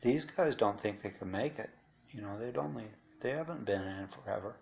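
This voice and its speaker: Recounting life after prison, this interviewee rambles through a casual story with bluntness, profanity and plenty of asides. He sounds fairly low, gravelly and a little mellow, speaking briskly with lively intonation over a bit of hiss or hum.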